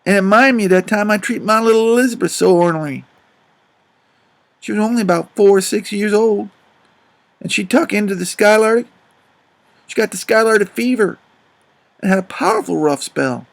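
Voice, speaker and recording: A man doing Jim, a gravelly grieving father. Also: high-pitched, normal speed, pauses often. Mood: remorseful. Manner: drawling, swells to loud outbursts. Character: grieving remorseful grown father, rough and tender. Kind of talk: audiobook character reading.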